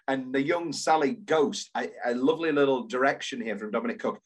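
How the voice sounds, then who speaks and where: A man's voice: medium pitch, normal speed, slightly rough. A man co-hosting a podcast, chatting with enthusiasm and restarting his sentences often. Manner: animated, gushing, many restarts. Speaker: podcast co-host. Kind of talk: casual enthusiastic chat.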